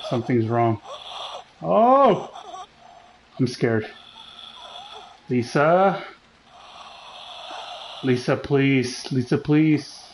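A man's voice: medium pitch, drawn-out words, pauses often, darkish tone, a little hiss or hum, low-quality recording. A man commentating as he plays a horror game, joking and teasing the game, with jumpy outbursts. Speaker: gaming channel host.

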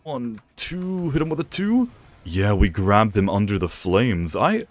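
A man's voice: fairly low pitch, animated, a little slow. A young man casually commenting on his own game matches, playful and teasing, chuckling often. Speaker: gaming video creator.

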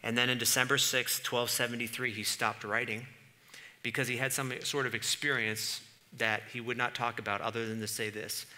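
A male pastor preaching a conversational sermon in church, moving from casual asides to loud, exasperated comic readings. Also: medium pitch, little pitch movement, moderate pace.

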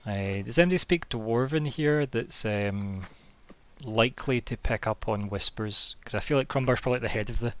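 A man's voice: medium pitch, moderate pace, fairly bright tone. A man runs an online tabletop session as game master. He talks in a loose, rambling way with plenty of ums and restarts. His voice sits in an ordinary middle range. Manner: casual, rambling, lots of fillers. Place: home, online voice call.

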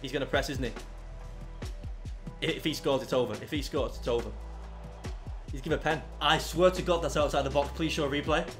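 A young man commentating his own football video game, swinging from low muttering to loud yelling. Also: a little fast, pauses often, faint music behind. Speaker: gaming YouTuber. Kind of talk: live gameplay commentary.

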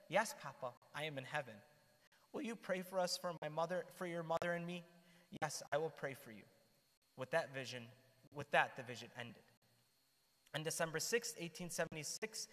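High-voiced man telling saint stories. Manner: warm, animated storytelling with asides. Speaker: church speaker. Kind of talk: storytelling talk to a youth group. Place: church hall. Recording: long hall reverb.

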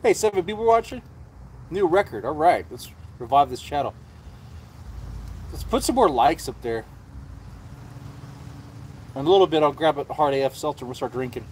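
A man's voice: fairly high pitch, animated, normal speed, pauses often, slight background noise. A man hosting a casual livestream, rambling and swearing freely as he chats. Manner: rambling and profane, with frequent restarts. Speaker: livestream host.

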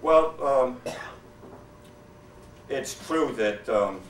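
A man tells political jokes in a folksy, storytelling manner, with a lively, swinging pitch. He is recorded in a roomy hall from some distance. Faint room ambience is heard behind him. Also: extremely slow, slight background noise. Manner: folksy storyteller, chuckles at his own punchlines. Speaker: speaker at a political society event. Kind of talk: stand-up joke telling. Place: event hall, indoors.

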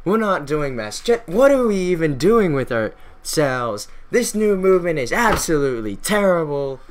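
A man's voice: fairly high pitch, lively intonation, moderate pace, fairly bright tone. A man voicing a bitter old-school male hardliner, raised and scornful as he declaims.

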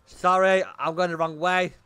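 A man's voice: high voice, little pitch movement, moderate pace, pushed and bright, clean tone, no echo. A young man streaming a game, chatting bluntly with his viewers and swearing often. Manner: blunt and swearing, talking to chat in bursts. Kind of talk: casual livestream chat while gaming.

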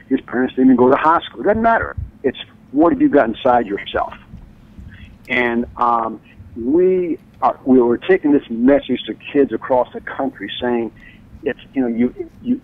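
A man talking as an author and radio guest, telling stories with enthusiasm and acting out quotes with big jumps in pitch. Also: dry recording. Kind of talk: animated radio interview storytelling. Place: radio studio or phone line. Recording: dry tinny phone-line sound.

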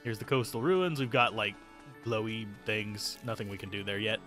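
A man's voice: fairly low pitch, moderate pace, a bit bright, faint music behind. A man streaming a video game playthrough, reading the dialogue aloud and cracking jokes in a playful way.

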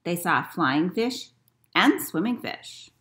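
A woman librarian reading a picture book aloud to children in an expressive storytelling manner. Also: lowish voice, slow pace.

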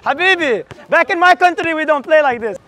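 A very high, hyped-up baller with a put-on Arabic-flavored accent, as a young man plays the character, calling everyone "my friend" in broken English. He trash-talks loudly while playing on an outdoor basketball court, and faint music runs underneath. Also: animated, fast, heavily acted. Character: boastful Arab baller tourist, man, young adult. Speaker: YouTuber.

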